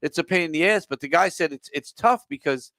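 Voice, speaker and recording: High-voiced, cussing theater host. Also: male voice, brisk, no echo. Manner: profane, animated ranting. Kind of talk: casual podcast chat.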